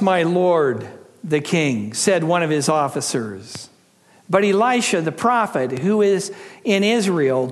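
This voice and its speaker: A man preaching a verse-by-verse sermon, telling the story expressively with dramatic pauses. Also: high voice, big-room sound. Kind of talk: expository sermon.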